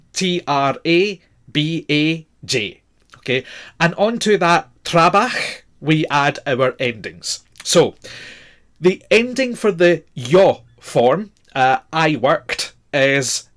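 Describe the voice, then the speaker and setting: A man's voice: on the high side, a bit bright. A man in his forties teaching a grammar lesson, patient and methodical, spelling out words letter by letter with frequent fillers. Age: 40s. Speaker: language teacher.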